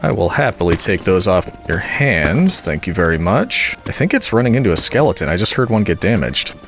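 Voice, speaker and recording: A man's voice: deep voice, very animated, a little fast, fairly bright tone, faint music behind. A young man giving casual let's-play commentary, talking to himself and the game and yelping when things go wrong. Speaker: gaming YouTuber.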